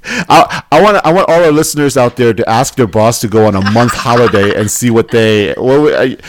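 A man's voice: mid-range voice, normal speed. A man hosting a casual podcast talk, joking with his guest and often repeating words as he goes. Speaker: host.

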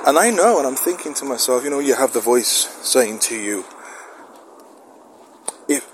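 A man's voice: mid-range voice, lively intonation, normal speed. A middle-aged man musing aloud in a rambling, self-questioning solo monologue, recorded outside in the wind. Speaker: podcast host. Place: outdoors in the wind.

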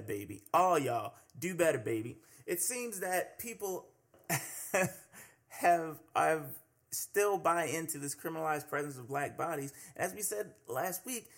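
Gravelly-voiced man hosting a commentary podcast. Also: a little high, expressive, a little slow, fairly bright tone. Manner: conversational, many fillers and restarts, acts out quoted people. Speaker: podcast host.

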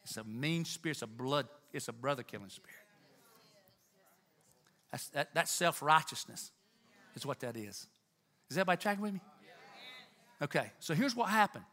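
A man preaching a sermon in church, talking to the congregation with emphatic, animated delivery and Southern turns of phrase. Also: on the high side, moderate pace, pauses often. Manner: animated, emphatic, rising to near-shouts.

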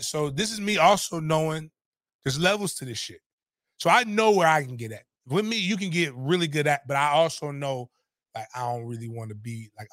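Profane, animated man telling a story. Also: fairly high pitch, dry recording, clean studio sound. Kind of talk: casual storytelling.

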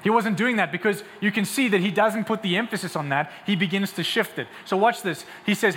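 A man's voice: high voice, a little fast, few pauses, a bit bright, a little hiss or hum. A man preaching a sermon, retelling scripture with acted-out dialogue. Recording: long hall reverb, faint ambience.

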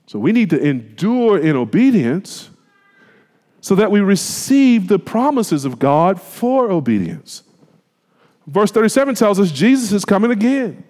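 Animated preacher in a long-echo hall. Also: male voice, high voice, measured pace. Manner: emphatic, colloquial, rhetorical questions to the congregation. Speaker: pastor. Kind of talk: sermon.

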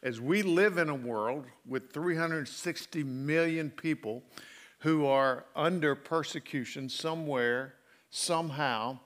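A middle-aged male pastor preaching a sermon, folksy and animated as he tells stories. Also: on the high side, slow pace. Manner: folksy storytelling with animated asides.

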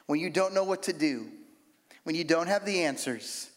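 A man preaching a sermon in an animated, conversational way, with humorous asides. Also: a little high, normal speed. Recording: long hall reverb.

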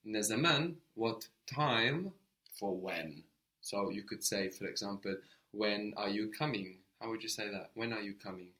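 A man's voice: lowish voice, a little slow, bright, forceful tone. A man teaching a language lesson, explaining step by step and prompting his student to answer.

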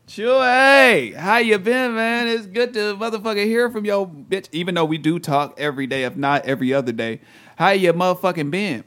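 Loud, laughing young podcast host. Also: male voice, high-pitched, lively intonation, moderate pace. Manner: loud, profane, laughs often. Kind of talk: casual podcast chat.

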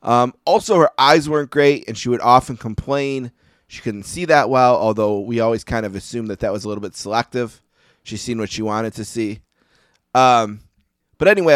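Guy in his 40s on a podcast, smooth voice, dry sound, telling a story. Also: medium pitch, a bit bright, no room sound. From United States. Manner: storytelling, reflective. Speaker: podcast co-host. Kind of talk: casual podcast chat.

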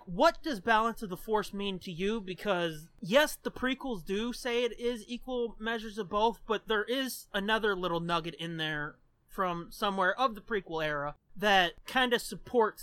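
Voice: medium pitch, pushed and bright, no echo. A podcast co-host in casual banter, swearing freely and joking with mock outrage.

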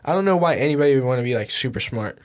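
A man's voice: mid-range voice, racing. A young man hosting a casual home podcast, swearing constantly and laughing often as he tells stories. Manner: profane, laughing a lot, animated storytelling. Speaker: podcast host. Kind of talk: casual chat. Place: home podcast setup with a mixer.

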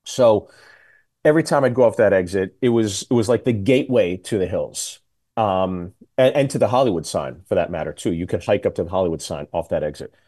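A middle-aged man telling funny stories in casual radio chat, lively and laughing as he acts out what others said. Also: low-pitched, fairly quick. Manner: animated, comic storytelling with laughs and quoted voices.

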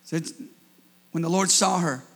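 A high-pitched, gravelly male pastor preaching a sermon. His voice is bright and edged, a little husky, and he trades call-and-response with the congregation, dropping into quiet asides and then rising to shouts. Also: normal speed.

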